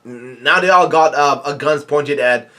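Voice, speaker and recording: A man recapping a comic chapter in casual talk, halting with many fillers and restarts. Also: on the high side, pushed and bright. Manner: reads quoted lines in a plain narrating voice. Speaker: manga reaction vlogger.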